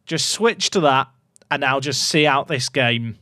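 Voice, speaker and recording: A man streaming a football management game, talking to his chat and swinging from low muttering to excited shouts. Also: a little slow, dry recording, studio quality. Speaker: gaming streamer. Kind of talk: live game commentary to chat.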